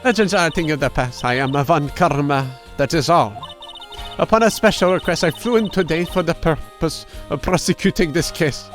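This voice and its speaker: A man's voice: on the high side, normal speed, soft background music, lightly acted. A man voicing an arrogant young female prosecutor, reading her lines in a haughty, clipped way.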